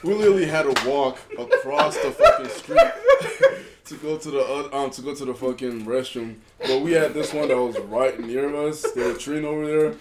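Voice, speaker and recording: Blunt, swearing young man, mid-pitched. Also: sing-song, moderate pace, roomy sound, a loud crowd. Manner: swearing, blunt, laid-back storytelling. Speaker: podcast co-host. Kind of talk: casual banter.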